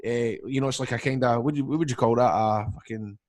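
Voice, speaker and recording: A man's voice: medium pitch, fast, a little mellow. A Scottish man co-hosting a football podcast, chatting casually with jokey stories and banter. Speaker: podcast co-host.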